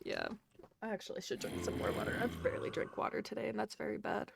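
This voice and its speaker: A woman's voice: medium pitch, wildly swooping pitch, quick pace, vocal fry, slight background noise. A woman streaming and chatting casually while gaming, teasing and laughing often.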